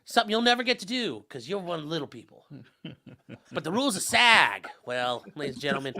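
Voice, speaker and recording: Put-on New York accent, pompous big-city lawyer, done by a man, blustery and lively. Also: fairly high pitch, quick pace, exaggerated voice. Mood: blustering. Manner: blustering, overbearing courtroom bravado.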